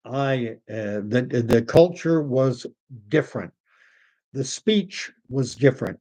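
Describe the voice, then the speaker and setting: A man's voice: medium pitch, lively intonation, slow, warm tone. A middle-aged man from Canada with a Canadian accent, hosting a casual livestream monologue that rambles and drops into sarcastic mock quotes. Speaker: livestream host.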